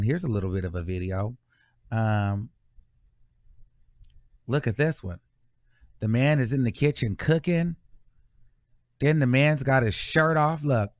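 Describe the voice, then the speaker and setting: A man's voice: a little high, no echo, studio quality. A man hosting casual celebrity gossip commentary, chatty and full of fillers as he scrolls through posts.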